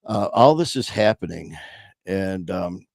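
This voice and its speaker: A man's voice: deep voice, expressive, measured pace, creaky, a little mellow, no room sound, studio quality. A man casually telling a personal story, blunt and profane, with many restarts and trailing phrases. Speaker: podcast host telling his story.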